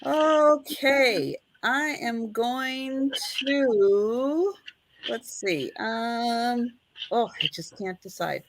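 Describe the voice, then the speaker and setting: A woman's voice: a little high, extremely slow. A woman hosting a live online vintage sale, chatting and counting down bids like an auctioneer. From United States.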